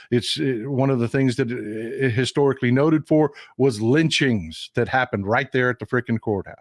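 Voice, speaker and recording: A man's voice: medium pitch, dry recording, studio quality. A man hosting a live stream, chatting casually with viewers, laughing often and reading their comments aloud. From United States.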